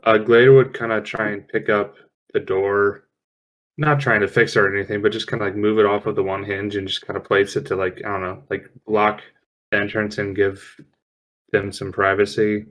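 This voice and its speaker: A man with a fairly low voice, chatting casually as a player in an online tabletop game. He rambles a little as he explains what his character does. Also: little pitch movement, moderate pace, fairly bright tone. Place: home, online call.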